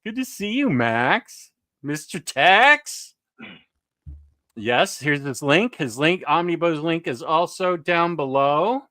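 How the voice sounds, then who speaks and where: A man's voice: a little high, expressive, slow, sharp tone, dry recording, clean studio sound. A man hosting a livestream, greeting viewers in loose, chatty talk with frequent laughs. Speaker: livestream host. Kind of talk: casual chat.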